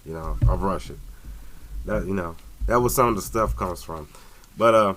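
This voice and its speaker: A man's voice: low voice, moderate pace, a bit bright. A man hosting a casual talk radio show, rambling and joking with lots of fillers and restarts.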